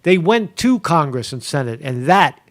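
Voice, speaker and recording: A man's voice: fairly high pitch, sing-song, normal speed. Rambling, sarcastic, profane male host. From Pennsylvania. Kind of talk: live show monologue.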